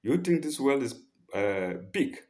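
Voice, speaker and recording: A man's voice: mid-range voice, very animated, a little slow, darkish tone, roomy sound. A man preaching a sermon, reciting Arabic verses and explaining them in English with rhetorical questions. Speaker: Islamic preacher. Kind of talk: sermon teaching Quran verses.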